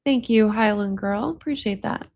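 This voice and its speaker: A woman of middling pitch gives casual live-stream commentary. She keeps it loose and chatty. She speaks directly to her audience. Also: moderate pace, a little mellow. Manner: chatty, addresses viewers directly.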